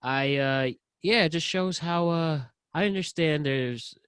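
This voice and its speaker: A man's voice: a little high, unhurried, clear, resonant tone, dry recording. Joking man hosting a casual podcast. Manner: joking, loose, animated storyteller. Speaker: podcast host. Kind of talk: casual interview chat.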